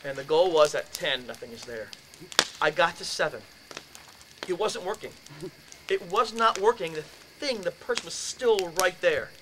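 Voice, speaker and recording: A man giving a talk, telling a first-person story in an animated way, acting out scenes with sudden loud bursts. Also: on the high side, normal speed, background noise. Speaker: speaker at a haunted-house talk.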